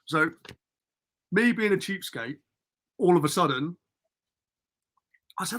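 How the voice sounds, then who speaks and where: A man's voice: high voice, lively intonation, slow pace, pauses often, a bit bright. A Cornish man, a podcast guest, telling rambling anecdotes and acting out the quotes. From Cornwall. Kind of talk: casual storytelling.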